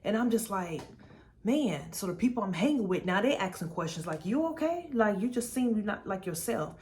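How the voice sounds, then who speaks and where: A woman's voice: medium pitch, lively intonation, moderate pace, a little mellow, slight background noise. Emphatic woman talking her faith story. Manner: emphatic and repetitive, calls the listener "baby". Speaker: faith vlogger sharing her testimony. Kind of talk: casual testimony talk.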